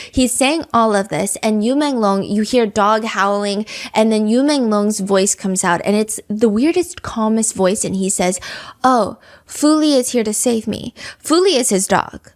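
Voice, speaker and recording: A woman hosting a podcast, telling a true-crime case in casual, animated talk and asking question after question. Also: mid-range voice. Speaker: podcast host.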